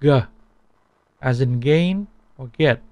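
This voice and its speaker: A man teaching a language pronunciation lesson, repeating each sound slowly so it can be compared. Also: mid-range voice, a little mellow, dry recording.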